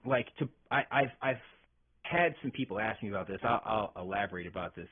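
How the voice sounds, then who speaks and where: Husky man telling a rambling story. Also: fairly low pitch, expressive, brisk. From Arkansas. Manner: profane, rambling, lots of restarts and fillers. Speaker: podcast guest, metal vocalist. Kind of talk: casual storytelling chat. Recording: tinny phone-like podcast audio.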